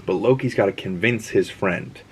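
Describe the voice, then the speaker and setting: A man's voice: fairly low pitch, normal speed, husky. A man hosting a casual episode breakdown, rambling and chatty with frequent restarts and asides. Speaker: host.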